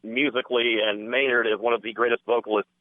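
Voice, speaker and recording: A man's voice: medium pitch, flat delivery, fast talker. Passionate man calling in on a phone line. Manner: passionate, gushing. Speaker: caller. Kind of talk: call-in radio talk. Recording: phone-line call-in audio.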